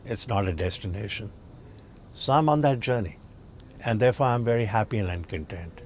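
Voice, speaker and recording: An older man from India, a doctor being interviewed, telling childhood stories with lively acted-out dialogue. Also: fairly low pitch, moderate pace, slight background noise. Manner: animated storyteller acting out dialogue. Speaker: guest, doctor and professor. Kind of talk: storytelling in an interview.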